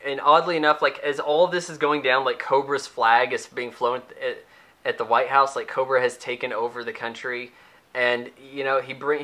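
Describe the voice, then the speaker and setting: A man's voice: mid-range voice, fairly bright tone. A young man giving a casual, sarcastic, rambling movie review, acting out the characters' lines as he goes.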